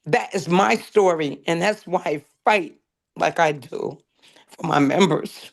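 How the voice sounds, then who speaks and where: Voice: medium pitch, takes it slowly, vocal fry. A transit union member giving emotional, impassioned testimony at a public hearing, near tears. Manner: impassioned, pleading.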